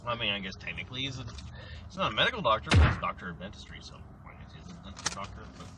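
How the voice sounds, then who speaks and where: A man with a low voice that swings widely, teasing his wife bluntly and wryly. His words sometimes drop off into mutters, and loud background noise surrounds him in the car. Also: very animated, racing, far from the mic. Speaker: husband. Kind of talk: casual chat.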